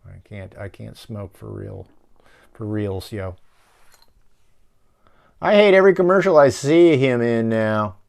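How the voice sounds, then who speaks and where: A man's voice: medium pitch, very animated, measured pace, pauses often, a little mellow, clear, resonant tone. A man hosting a casual movie-riffing show from his office, rambling and swearing as he rants. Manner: rambling, profane, ranting. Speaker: show host.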